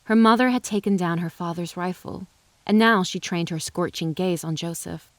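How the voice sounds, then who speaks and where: A woman reading a western novel aloud as narrator, in an even, measured storytelling voice. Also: fairly low pitch, no echo. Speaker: audiobook narrator. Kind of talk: scripted narration.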